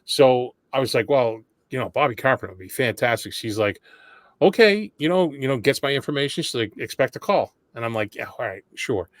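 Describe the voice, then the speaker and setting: A man hosts a casual podcast interview, rambling through self-deprecating stories in a middle-pitched voice. The recording is dry and close, with no room sound. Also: fairly quick, hardly any pauses, no room sound. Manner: chatty, self-deprecating storyteller. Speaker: podcast host.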